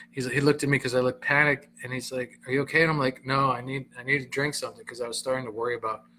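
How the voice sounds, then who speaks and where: Male comedian host, middle-aged, bright tone, animated storytelling with a faint hum behind. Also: mid-range voice. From Southern Florida. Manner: animated, acts out quoted voices, frequent laughter. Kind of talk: casual storytelling on a livestream.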